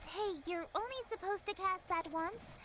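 A woman's voice: very high-pitched, normal speed, a bit bright. A woman voicing a haughty female eldritch goddess who speaks in formal, old-fashioned phrases. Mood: imperious.

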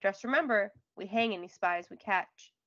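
A woman's voice: medium pitch, normal speed, fairly bright tone, no echo, muffled recording, close to an everyday voice. A woman voicing a watchful British guard soldier with a suspicious, wry manner.

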